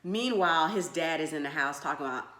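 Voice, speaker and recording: A woman's voice: low voice, quick pace, reverberant. A woman co-hosting, dramatically telling a funny story in casual chat and laughing often. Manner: dramatic, animated, laughs a lot. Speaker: co-host telling their story.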